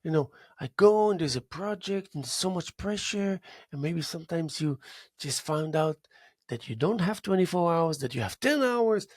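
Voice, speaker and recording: A talk show host, a man with a gravelly, husky voice, tells a story in a casual monologue. His pitch swings up and down as he goes, and he mimics drum beats out loud. The sound is dry and close. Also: animated, normal speed, no echo.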